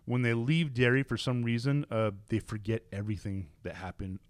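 A man talking casually and at length, his voice an ordinary middle pitch. He rambles through restarts and "uh"s but lifts with real enthusiasm when a story grabs him. The sound is dry and close, with no room around it. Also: steady tone, brisk, dry recording. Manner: rambling, with frequent restarts and fillers. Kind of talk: casual chat.

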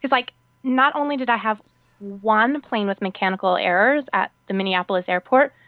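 A woman co-hosting a podcast, telling a story in a casual, animated way, filling her speech with "like" and acting out what people said. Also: mid-range voice, moderate pace, no room sound. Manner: animated, peppers speech with "like", acts out quotes. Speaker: podcast co-host. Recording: tinny phone-like dry sound.

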